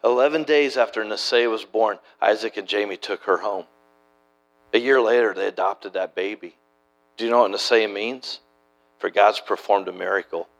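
A man's voice: lowish voice, moderate pace. Folksy middle-aged male preacher telling stories. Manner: conversational, folksy storytelling with frequent restarts. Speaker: preacher and church planter. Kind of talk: sermon storytelling.

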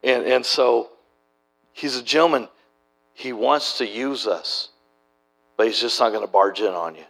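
A man's voice: medium pitch, a little slow, creaky, a bit bright. A middle-aged man preaching a sermon, telling stories in a folksy, conversational way with many restarts. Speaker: preacher and church planter. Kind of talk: sermon storytelling.

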